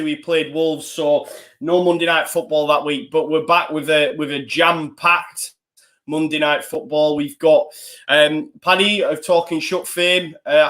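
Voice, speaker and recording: A man's voice: a little high, a bit bright. A man hosting a casual podcast chat over a video call, chatty and upbeat with lots of fillers. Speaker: host.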